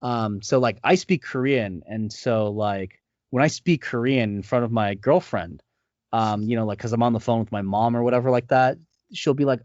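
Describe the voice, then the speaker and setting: A man's voice: medium pitch, normal speed, darkish tone, no room sound. A male voice actor, a guest in a casual interview, talking in a rambling way with many fillers and restarts. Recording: dull lo-fi audio.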